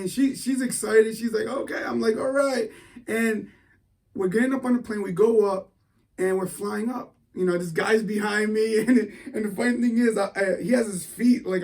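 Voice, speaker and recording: A man giving a motivational talk, telling a story in an animated, excitable way with frequent restarts. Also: high-pitched, far from the mic. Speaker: motivational speaker.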